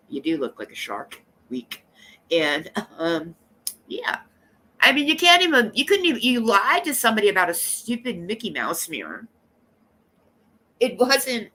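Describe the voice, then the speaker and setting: A woman's voice: on the low side, pushed and bright. A woman live streamer chatting casually with her viewers, rambling and blunt, coughing now and then from allergies. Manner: rambling, blunt and gossipy, talking straight to chat.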